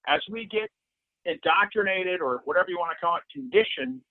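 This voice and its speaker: A man's voice: sits high, expressive, brisk, no echo. A middle-aged man as a podcast guest in casual interview chat, swearing freely and repeating himself as he talks. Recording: tinny phone-like line, dry.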